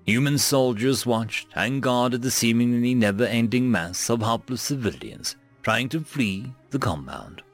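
A man's voice: mid-range voice, lively intonation, unhurried, few pauses, faint music behind. A man reading a science fiction story aloud as narrator. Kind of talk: scripted narration.

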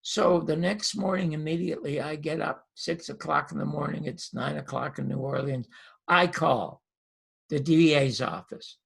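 Raspy older man telling stories. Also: fairly high pitch, moderate pace. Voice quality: raspy, gravelly. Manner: emphatic, repeats words. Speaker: guest, former talk show host and stand-up comic. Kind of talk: animated storytelling.

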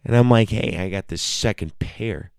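A man's voice: fairly low pitch, normal speed, vocal fry, clean tone, no echo, studio quality. A young man telling a rambling, profane comic story on his own podcast, often breaking off to joke with listeners. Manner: rambling, self-interrupting, profane. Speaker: solo podcast host. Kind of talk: casual comedic storytelling.

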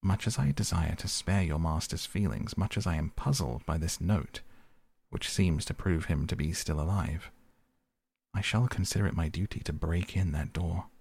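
A man voicing a reasoning middle-aged male lawyer who speaks in formal, deliberate Victorian diction. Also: low-pitched, vocal fry, darkish tone, slightly rough, dry recording, heavily acted.

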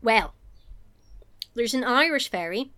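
A woman's voice: fairly high pitch, animated, slow, bright, forceful tone. A woman, chatting casually on a podcast as she recaps a film, giggling and acting out lines. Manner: chatty, giggly, acts out lines in silly voices. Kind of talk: casual chat.

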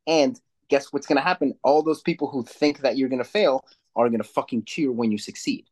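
A man talking in loose podcast chat, blunt and heavy with swearing. He speaks with a coach's drive, firing off quick imagined exchanges to make his point. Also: medium pitch. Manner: blunt, profane, animated. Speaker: podcast co-host; jujitsu kids' class coach. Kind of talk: casual chat.

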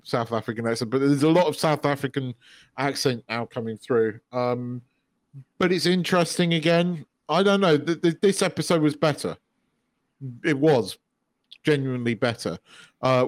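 A man's voice: medium pitch, moderate pace, no echo. Man, casual podcast co-host, rambling, sweary, dry close sound. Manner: rambling, sweary, lots of restarts and fillers. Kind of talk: casual chat.

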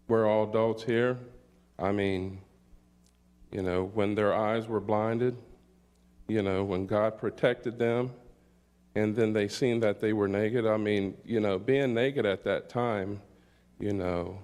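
Older guy preaching real slow, reads verses, throws in hallelujahs. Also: lowish voice, steady tone, darkish tone, clear, resonant tone. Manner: slow, deliberate delivery with scripture readings and call-outs. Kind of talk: sermon.

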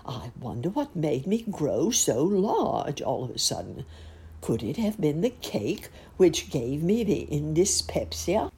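A kindly old gentleman rabbit from a storybook, fussy and fretful, as a woman reader puts him on. The tone is mellow and gravelly with a husky edge, and it swings widely as he frets. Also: sits low, big pitch swings, slow pace, full character voice. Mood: worried. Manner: fretful, polite.

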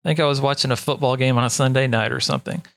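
A man's voice: medium pitch, fairly even intonation, rapid-fire, creaky, a bit bright. A man, a guest on a podcast, chatting in a laid-back, easygoing way over a video call. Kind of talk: casual chat.

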